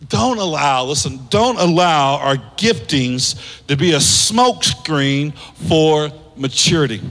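The speaker is a fifty-something pastor giving an animated sermon in a large church, his voice swinging dramatically in pitch and peaking in shouts. The sound has a long reverb from the hall.

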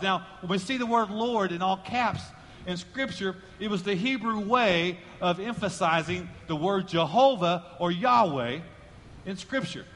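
A man's voice: sits high, unhurried, a bit bright, long reverb tail. A man preaching a sermon as pastor, emphatic and repeating his key phrases as he builds. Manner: emphatic, repeats key phrases, drives lines upward in volume.

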